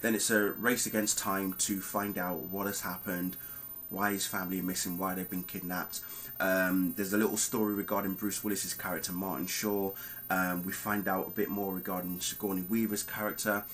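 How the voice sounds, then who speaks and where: Guy doing a casual movie review to camera, kinda low voice, punchy and tense, lots of ums. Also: normal speed, slight background noise, low-quality recording. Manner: animated and emphatic, talks straight to viewers, frequent ums. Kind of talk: casual spoken film review.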